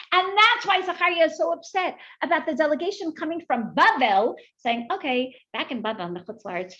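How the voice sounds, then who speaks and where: A woman giving a Torah lecture, telling the sources as animated stories and acting out the quoted voices. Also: high-pitched, highs cut off. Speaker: Torah teacher.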